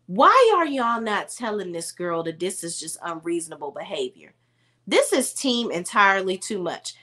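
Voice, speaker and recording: A woman's voice: medium pitch, big pitch swings, normal speed, bright, forceful tone. Brief: woman recap vlogger, mid-range voice, blunt and exasperated, slangy storytelling. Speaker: reality TV recap commentator. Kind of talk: opinionated casual commentary.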